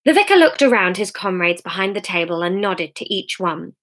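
A woman reading her own comic novel aloud on a home live stream, lively and chatty, laughing at her own slips between passages. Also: mid-range voice, a little fast.

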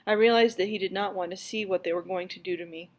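A woman's voice: fairly even intonation, quick pace. A woman teacher reading a book aloud for her students, raising her voice for the dialogue. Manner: reads dialogue louder and higher.

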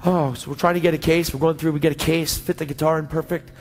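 A man preaching a sermon, telling a story in a slangy, animated way and acting out both sides of the conversation. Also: fairly high pitch, fast talker. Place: church sanctuary. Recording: church hall reverb with faint music.

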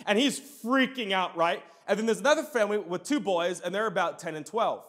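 A man's voice: high voice, fairly quick, a bit bright. A man in his thirties, a pastor, preaching a sermon in a conversational storytelling way with sudden bursts of emphasis.

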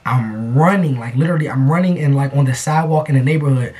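A young man vlogging, telling a story in a casual, animated, slangy way full of repetition. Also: mid-range voice, quick pace.

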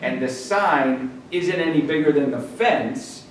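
Halting man on a distant echoey mic. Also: a little high, animated. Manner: measured, halting, many restarts. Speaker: zoning board member. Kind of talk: public hearing discussion. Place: town meeting room. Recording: echoey room from far off, faint hiss.

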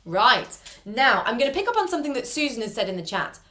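Over music, a woman with a slightly high voice, big pitch swings and a quick pace leads an online vocal warm-up from home via video call. As a choir singing teacher she's chatty and encouraging, demonstrating sounds.

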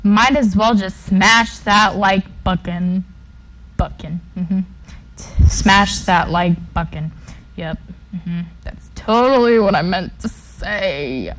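A woman giving casual, playful commentary while playing a video game. She jumps between loud outbursts and mumbled asides. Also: medium pitch, slow pace, poor audio. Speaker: gaming YouTuber. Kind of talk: casual let's-play commentary.

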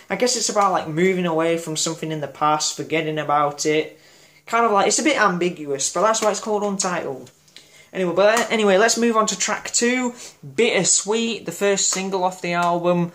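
A man's voice: high-pitched, moderate pace, fairly bright tone. A man giving a casual album review vlog, enthusiastic and rambling, with lots of fillers and restarts. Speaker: music reviewer.

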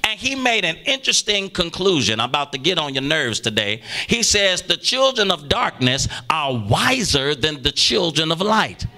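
A man preaching a sermon as pastor in a church, calling on the congregation to answer back and rising into shouts. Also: a little high, very animated, moderate pace, hardly any pauses. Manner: preaching with call-and-response, bursts into shouting. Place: church sanctuary.

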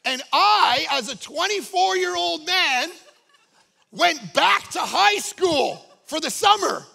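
A man's voice: very high voice, slow pace, vocal fry. A male pastor preaching a humorous sermon, telling stories with jokes and acting out the people he quotes. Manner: animated, jokey, acts out quoted voices.

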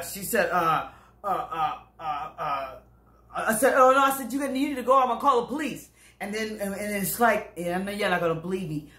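A woman bus driver telling a comic story to viewers in an animated, chatty way, calling them y'all. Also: mid-range voice. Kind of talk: comedic storytelling to camera. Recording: roomy echo.

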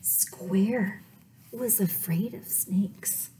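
Slow, playful woman reading aloud. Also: medium pitch, warm tone, in a whisper. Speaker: children's librarian reading aloud. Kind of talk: storytime read-aloud.

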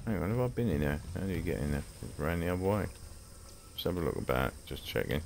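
A man's voice: sits low, expressive, quick pace, creaky, darkish tone, slight background noise. A man with a Cockney accent, rambling and chatty while he comments on his gameplay and mutters to himself. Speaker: gaming streamer. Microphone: headphones on, streaming setup.

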